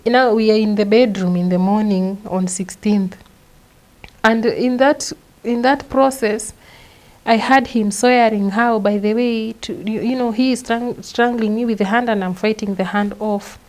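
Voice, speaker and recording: A young woman with a Kenyan accent speaks at a middling pitch. She gives a personal testimony as an interview guest, halting and restarting, repeating words as she lays out events one by one. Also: fairly even intonation, a little mellow, rough recording.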